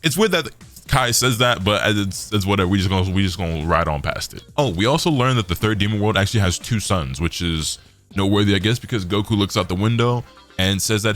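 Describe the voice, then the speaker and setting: A man's voice: deep voice, expressive, quick pace, fairly bright tone, faint music behind. A young man giving a loose, slangy casual recap as an anime reviewer.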